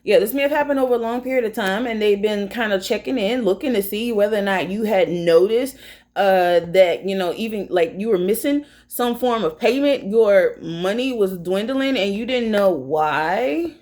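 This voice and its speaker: A woman's voice: mid-range voice, moderate pace, a little mellow. A woman giving a casual tarot reading, blunt and profane, rambling as she talks. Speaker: tarot reader.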